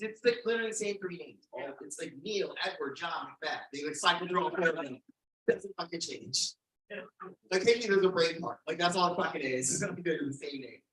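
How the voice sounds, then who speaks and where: A man in his forties from the United States, a stand-up comedian telling a profane, animated story at a live storytelling show. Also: a little high, a little hiss or hum. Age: 40s. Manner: animated, profane, breaks into laughter. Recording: echoey room, mic at a distance.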